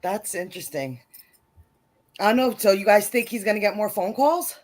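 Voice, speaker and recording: A woman's voice: medium pitch, expressive, normal speed, darkish tone. Woman host, casual chat, laughs a lot. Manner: giggly, laughs often.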